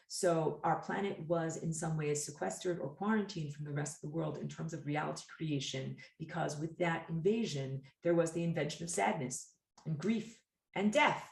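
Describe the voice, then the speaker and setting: A low-voiced woman with a gravelly edge delivers a rambling spiritual lecture, drifting into asides as she goes. She sits back from the mic, so her voice carries an echoey room sound. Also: a little mellow, recorded from a distance. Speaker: spiritual teacher.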